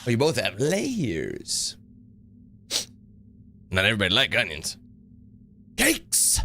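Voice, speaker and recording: A man's voice: lowish voice, wildly swooping pitch, takes it slowly, gravelly, sharp tone, a little hiss or hum, full character voice. A man doing a chatty cartoon donkey. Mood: excitable. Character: chatty male talking donkey sidekick. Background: music.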